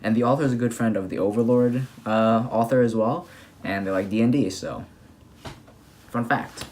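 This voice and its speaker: A young man casually recapping an anime episode, rambling and excitable with lots of fillers and restarts. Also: medium pitch, normal speed, a little hiss or hum. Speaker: anime reviewer.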